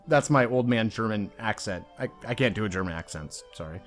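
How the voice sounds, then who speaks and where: A man's voice: on the low side, expressive, brisk, hardly any pauses, faint music behind. Sarcastic young male book reviewer. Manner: sarcastic and mocking. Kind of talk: casual commentary video.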